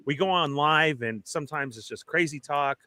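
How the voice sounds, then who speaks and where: A man hosting a casual livestream show, welcoming viewers with energetic hype. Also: fairly high pitch, normal speed, no room sound. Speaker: podcast host.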